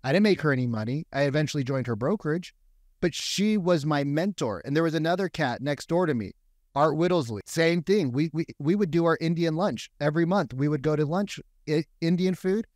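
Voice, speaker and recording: A man who works as a real estate agent, telling stories in a casual podcast chat with a profane, animated delivery. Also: a little high, a little fast, no echo, studio quality.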